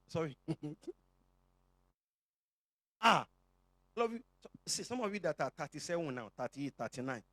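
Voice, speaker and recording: Nigerian pastor preaching and joking w the congregation, bit high voice, dry sound. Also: male voice, measured pace, long pauses, dry recording. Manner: lively, joking with the congregation, call-and-response. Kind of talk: sermon. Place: church.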